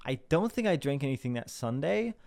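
Young guy from southern illinois rambling on his podcast, smooth resonant voice, self-deprecating and sweary. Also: medium pitch, big pitch swings, fairly quick, darkish tone. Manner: chatty, self-deprecating, full of fillers and swearing. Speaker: podcast host. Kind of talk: casual rambling monologue.

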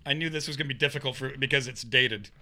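Brief: male co-host, sharp bright tone, lively film talk, faint hiss behind. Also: medium pitch, fast. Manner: chatty, film-buff asides, playful. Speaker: podcast co-host. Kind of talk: casual movie podcast chat.

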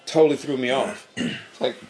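A man's voice: medium pitch, big pitch swings, moderate pace, a little mellow, faint music behind. A man co-hosting a podcast, telling rambling, profane stories in casual chat. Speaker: podcast co-host.

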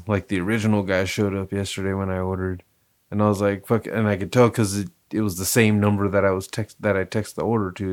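Deep-voiced young man, loose chatter. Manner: loose, chatty, apologetic when he rambles. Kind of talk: casual chat.

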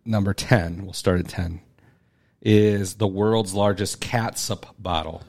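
A man's voice: deep voice, fairly even intonation, slow pace, darkish tone. A man co-hosting a casual chat, reading trivia aloud and joking as he rambles. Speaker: podcast co-host.

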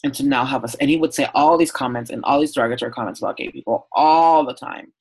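A man's voice: medium pitch, fast, breathy edge, rough recording. A man from Southern California, a podcast guest, speaking candidly and from the heart, with frequent "um" and "like" in a conversational interview. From Southern California, USA. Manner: open, heartfelt storytelling with frequent "um" and "like".

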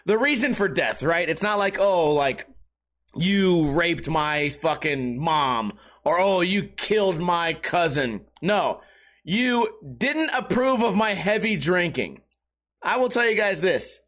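A podcast host with a high-sitting, slightly bright voice delivers a casual comedic monologue, full of sarcasm and heavy swearing. He often slips into mocking voices.

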